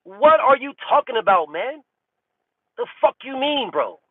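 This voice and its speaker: A boxing channel host, a man with a husky voice, ranting heatedly and repetitively at his chat, with a profane, mocking manner. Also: very high voice, big pitch swings, measured pace, dry recording, narrow, tinny audio. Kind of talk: live-stream rant to chat.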